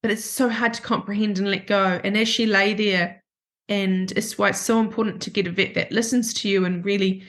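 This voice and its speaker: Halting, emotional woman counselor. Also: medium pitch, steady tone. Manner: halting, with frequent self-interruptions and restarts. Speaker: grief counselor guest. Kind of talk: emotional personal storytelling in a podcast interview.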